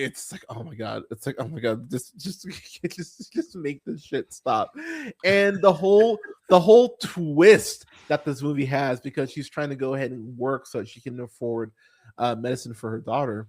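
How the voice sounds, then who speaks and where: A male podcast host in casual conversation, venting with plenty of swearing and frequent laughter. His voice sits at a middle pitch but leaps sharply higher when he gets worked up. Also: normal speed. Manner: exasperated, profane, laughs often, animated pitch jumps. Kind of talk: casual ranting film review.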